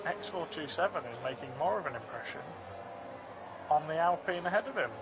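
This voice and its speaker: A man commentates a live esports race in a fairly high voice. He gets excitable when cars collide. Loud car engine noise runs constantly underneath his voice. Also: brisk, highs cut off. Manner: excitable, rising sharply at on-track incidents. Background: loud racing car engine noise.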